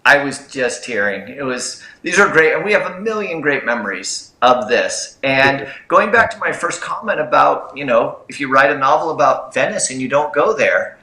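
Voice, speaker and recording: A man co-hosting a livestream who tells lively anecdotes in a casual, chatty way. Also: a little high, roomy sound, low-quality recording. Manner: animated anecdotal storyteller. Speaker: co-host of a film livestream. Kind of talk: livestream storytelling chat.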